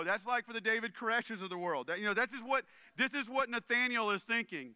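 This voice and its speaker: A man's voice: high voice, fast talker, few pauses, pushed and bright, smooth, no echo. A male pastor preaching a sermon in an earnest, conversational way, often checking in with his listeners.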